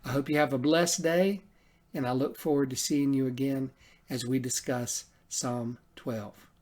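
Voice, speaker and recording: A man preaching a sermon, emphatic, with loud rising peaks and soft low endings, slowing on key phrases. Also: fairly even intonation.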